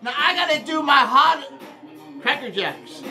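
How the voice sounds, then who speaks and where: A man voicing a jokey male character called Cotton Man, who rambles, keeps saying "man" and "see", and shouts greetings in a homemade birthday video. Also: very high-pitched, animated, a little slow, over music, heavily acted. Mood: rambling cheerful.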